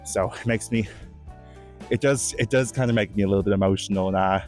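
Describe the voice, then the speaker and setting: A man playing a vain, shy, emotional Bigfoot who gives a rambling, earnest tour of his forest home, with halting restarts, in a mock-documentary comedy. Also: on the low side, darkish tone, faint music behind, natural voice. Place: outdoors in woods.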